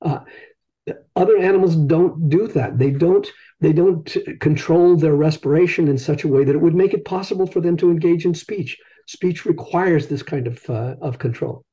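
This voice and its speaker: A man's voice: fairly high pitch, normal speed, dark tone, lo-fi sound. An older man, an invited speaker, answering questions in a discussion after his talk, explaining thoughtfully and searching for his words.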